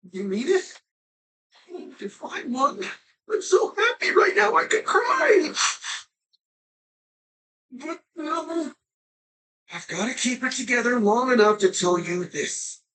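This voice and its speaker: A humble young knight in a video game who is earnest and easily moved. His voice swings up and down with lively pitch, and a faint hum sits behind it. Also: takes it slowly, pauses often, full character voice.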